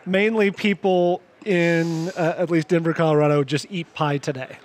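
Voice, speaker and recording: Middle-aged guy cohosting a startup show, highish voice, jokey and teasing. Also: steady tone, moderate pace. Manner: joking, teasing banter. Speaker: co-host. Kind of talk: casual chat.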